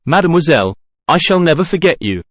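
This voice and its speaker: A man's voice: a little high, sing-song, fast, no echo, clean studio sound, pitched above the performer's own voice. A man reading the lines of a shy, jealous young nobleman in an earnest, pleading way.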